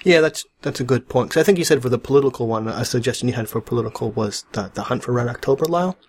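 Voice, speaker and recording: A man with an average-pitched voice co-hosts a casual movie podcast. He jokes around and laughs easily in conversation. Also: rapid-fire, slightly rough. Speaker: podcast co-host. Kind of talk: casual chat about movies.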